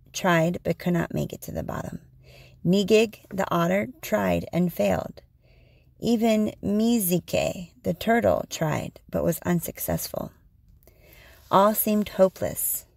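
A woman reading a storybook aloud in a slow, measured way. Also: fairly low pitch, creaky, a little mellow, no echo, clean studio sound.

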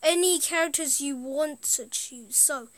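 Female gaming host: high voice, slow rambling chat, dry close sound. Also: no room sound. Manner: rambling, easily amused, trails off. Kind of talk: casual gameplay commentary.

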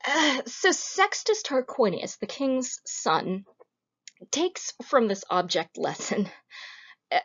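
A woman giving a recorded history lecture in a casual, conversational way, with wry asides. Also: mid-range voice. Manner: informal, wry asides, retells scenes with acted quotes. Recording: slightly dull lo-fi audio.

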